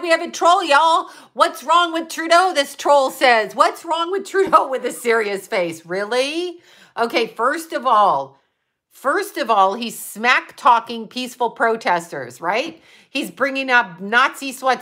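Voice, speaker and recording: Woman, livestream host, bright forceful tone, a bit high-pitched, rambling and profane. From Buffalo area, US. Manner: rambling, profane, reads chat comments aloud. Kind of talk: casual livestream chat.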